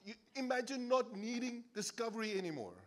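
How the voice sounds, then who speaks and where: A South African-accented man preaching a sermon as pastor, animated and playful, laughing as he jokes with the congregation. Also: extremely high pitch, brisk. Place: church service.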